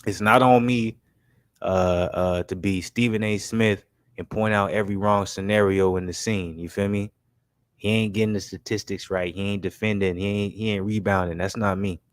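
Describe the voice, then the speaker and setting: Young guy on a stream just shooting the breeze with chat, slangy and laid-back, kinda low voice. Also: steady tone, dry recording, studio quality. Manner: laid-back, slangy, keeps saying "you know what I'm saying" and "man"; talks through made-up scenarios, voicing friends in quick quotes. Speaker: livestream basketball commentary host. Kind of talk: casual chat to a live stream chat.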